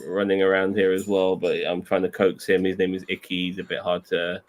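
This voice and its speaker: A man's voice: sits low, monotone, fairly quick. A man chatting casually on a show, rambling and hesitant with many fillers. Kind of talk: casual chat.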